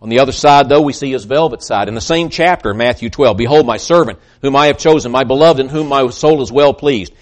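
A man preaching a sermon, swinging between loud emphatic peaks and hushed, soft passages, often repeating words as he builds. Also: medium pitch, brisk, hardly any pauses. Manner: repeats words when excited.

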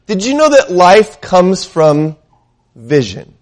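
A man's voice: high-pitched, big pitch swings, darkish tone. A male pastor preaching a sermon, emphatic, asking his listeners questions and reading scripture aloud. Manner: emphatic, asks the congregation questions; reads scripture aloud slowly.

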